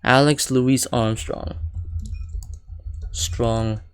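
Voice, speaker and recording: A man's voice: medium pitch, steady tone, drawn-out words, clear, resonant tone. Rambling male game streamer. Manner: rambling, many fillers and self-corrections. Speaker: streamer playing a video game. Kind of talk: casual live-stream commentary.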